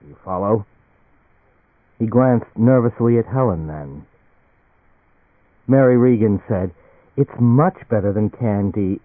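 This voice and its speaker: A man with a fairly low voice reads a novel aloud, measured and even, keeping the characters' lines quiet. The sound is thin and phone-like, with a dry, close feel and no room around it. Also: husky, no room sound. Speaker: audiobook narrator. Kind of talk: scripted narration. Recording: tinny phone-like audio.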